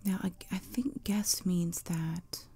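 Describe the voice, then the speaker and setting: A woman hosting an ASMR channel, talking in a soft half-whisper and telling a rambling, chatty story up close to a sensitive mic. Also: lowish voice, fairly even intonation, slow, husky. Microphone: close sensitive mic for headphones.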